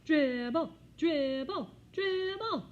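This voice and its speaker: A woman voicing an excitable toddler boy who squeals in short babyish bursts, on a slightly dull recording. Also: very high-pitched, extremely slow, voice pushed up, heavily acted. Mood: excited.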